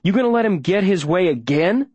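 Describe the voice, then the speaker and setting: A man's voice: high voice, expressive, fairly quick, a little mellow, husky, dry recording, muffled recording, voice pushed up. A man voicing a defiant teenage boy who presses with urgent questions. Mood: pressing. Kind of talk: audiobook character voice.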